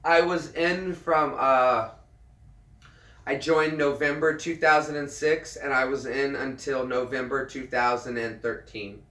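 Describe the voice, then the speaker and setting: A man in his thirties, a military veteran, chatting casually on a livestream, earnest and halting, often repeating himself as he restarts a thought. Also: medium pitch, steady tone, bright, forceful tone. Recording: roomy sound, mic at a distance.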